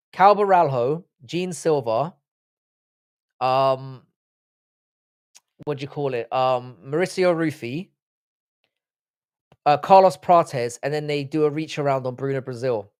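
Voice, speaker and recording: A man's voice: a little high, a little mellow. A young man hosting a livestream, ranting and swearing as he reads out chat comments. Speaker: livestream host. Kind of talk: live-stream chat reading comments.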